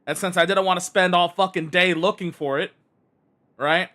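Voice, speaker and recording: Brief: male streamer, high bright voice, exasperated cursing rant while gaming. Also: fairly even intonation, normal speed. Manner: exasperated, heavy swearing.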